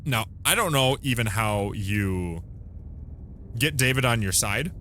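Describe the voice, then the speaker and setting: A man's voice: medium pitch, expressive, bright, forceful tone, a little hiss or hum. A man hosting a game livestream, talking casually to his chat, frustrated and swearing at broken equipment. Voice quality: distorted robotic mic audio. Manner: frustrated, swearing, fast-shifting energy. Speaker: streamer. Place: home room. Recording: distant, glitchy robotic-sounding mic.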